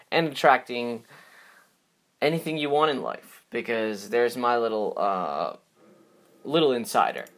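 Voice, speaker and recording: A man's voice: lowish voice, fairly bright tone. A man hosting his own podcast, talking alone in a casual, upbeat and rambling way, full of fillers and restarts. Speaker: podcast host. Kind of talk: casual solo podcast outro.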